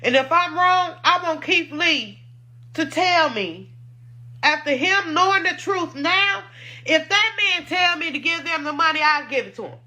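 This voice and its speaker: Indignant high, bright-voiced woman. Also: lively intonation, measured pace. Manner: indignant, defensive, repeating points for emphasis. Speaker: food truck owner. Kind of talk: emotional personal statement.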